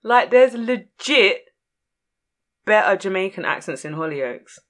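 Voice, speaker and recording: A woman's voice: mid-range voice, lively intonation, measured pace, fairly bright tone. A woman, co-hosting a casual podcast chat, candid and laughing often. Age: 30s. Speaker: podcast co-host.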